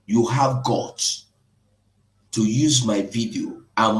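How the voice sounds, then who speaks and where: An online broadcaster gives an impassioned, rhetorical live broadcast, emotional and at times laughing mockingly. His lowish voice is slow with long pauses, and the recording is reverberant and low in quality.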